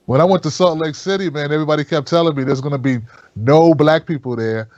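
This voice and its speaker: Guy telling stories, kinda high voice, swears, dull lo-fi sound. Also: fast talker, darkish tone, no room sound. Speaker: guest. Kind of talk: casual chat.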